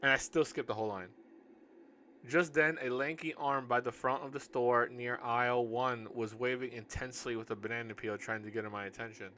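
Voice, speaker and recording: Guy reading his own book out loud, keeps stopping to roast his own writing, normal voice, kinda casual. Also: medium pitch, fairly even intonation, brisk, slight background noise. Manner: breaks off to mock and argue with his own text; loose, joking, self-correcting. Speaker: author reading his own novel aloud. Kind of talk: casual reading with running asides.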